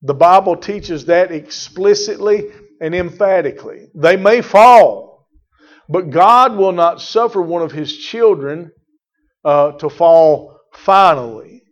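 A man's voice: sits high, measured pace. Emphatic preacher man, muffled recording. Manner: emphatic, repeats phrases, addresses congregation by name. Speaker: pastor. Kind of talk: sermon.

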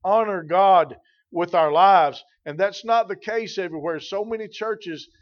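High-voiced emphatic male preacher. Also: unhurried, highs cut off. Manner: emphatic preaching, repeats key phrases. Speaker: pastor. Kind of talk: sermon.

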